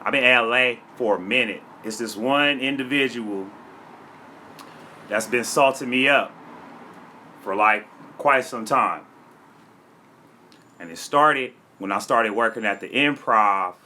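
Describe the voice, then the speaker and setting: Man from Florida, comedian, brash, profane, streetwise slang, forceful tone, home studio. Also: medium pitch, slow pace, pauses often, a little hiss or hum. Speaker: comedian and rapper. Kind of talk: freestyle rap then casual storytelling.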